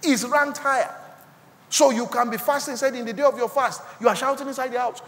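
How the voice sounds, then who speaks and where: A man with a Nigerian accent preaching a sermon as pastor, swinging from quiet asides to loud, rising exclamations. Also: very high voice, steady tone, fairly quick, big-room sound. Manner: preaching with sudden loud rises and quiet drops.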